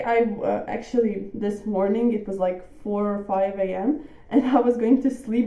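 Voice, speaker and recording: A woman hosting a chess channel, giving a chatty, excitable recap of her game. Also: fairly high pitch. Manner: excitable, chatty, animated self-quoting. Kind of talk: casual game commentary. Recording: echoey room.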